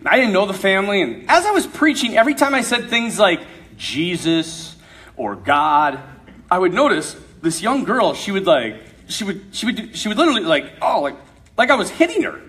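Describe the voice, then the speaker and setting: A young man preaching as a priest, his voice sitting high for a man. He tells a story in a lively, joking way and acts out each person he quotes. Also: moderate pace. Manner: animated, jokey storyteller who acts out quotes. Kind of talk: storytelling talk to young people.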